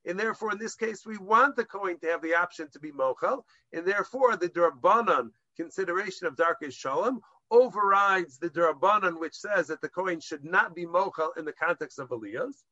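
A man's voice: high voice, animated, fairly quick, sharp tone, dry recording, muffled recording. A man giving a Jewish law lesson to a class, explaining step by step and mixing Hebrew terms into English, with some hesitant restarts. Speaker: rabbinic lecturer.

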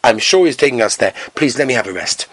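A man voicing a calm, weary male bus passenger who answers in low, soft, stammering apologies. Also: fast, no echo, natural voice. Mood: sleepy apologetic.

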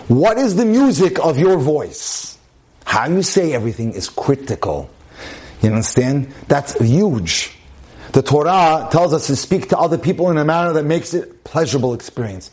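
A man with a slightly high voice and a darkish tone delivers a sermon-style talk on marriage. He's emphatic, repeats phrases, and keeps posing rhetorical questions.

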